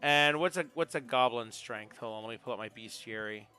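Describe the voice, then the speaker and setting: A man's voice: medium pitch, fairly quick, sharp tone, smooth, faint music behind. A man running a tabletop game as game master, chatty, checking rules aloud with stumbles.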